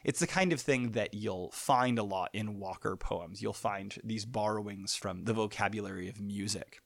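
A man's voice: fairly low pitch, gravelly, no echo. A middle-aged man hosting a podcast, giving a thoughtful close reading of a sonnet and reading lines of verse aloud. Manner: thoughtful, analytical, reads verse aloud slowly. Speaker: podcast host. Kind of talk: close reading of poetry, casual lecture.

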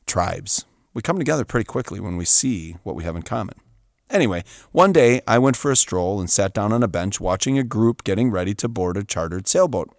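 Lively low-voiced man telling a story. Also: a little fast, gravelly, no room sound, clean studio sound. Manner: animated, chuckles often. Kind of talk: storytelling monologue.

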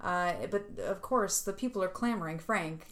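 Female podcast co-host, casual and chatty, quick to laugh. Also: medium pitch, fairly bright tone. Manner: chatty, laughs often, rambling restarts. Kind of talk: casual chat.

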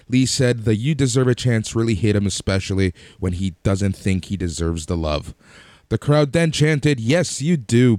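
A man's voice: on the low side, a little mellow, dry recording, clean studio sound. A man casually recapping a wrestling show, then giving his offhand opinions. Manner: recaps events then gives offhand opinions, some fillers.

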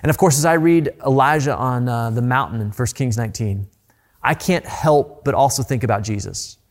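A man preaching a sermon, reading scripture and explaining it in a reflective, emphatic way, dropping softly at quiet moments. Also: medium pitch, normal speed. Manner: reflective, emphatic Bible teaching with soft hushed moments. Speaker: pastor.

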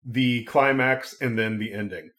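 A man's voice: medium pitch, measured pace. Man talking film, casual and profane. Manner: animated, swears freely, acts out characters' lines.

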